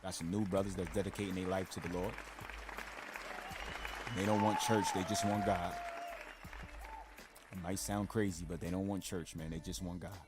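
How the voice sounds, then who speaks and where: A man from Stamford, Connecticut hosting a podcast, speaking in street slang and hyping the listeners with shout-outs and pleas to subscribe. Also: sits low, fairly even intonation, normal speed, long pauses, a crowd in the background. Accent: Connecticut urban slang. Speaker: podcast host. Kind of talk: casual podcast monologue.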